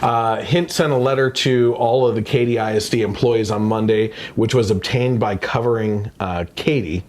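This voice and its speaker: A man's voice: medium pitch, steady tone, moderate pace, few pauses, darkish tone. A man hosting a casual podcast, reading news excerpts aloud and commenting with indignation. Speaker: podcast host.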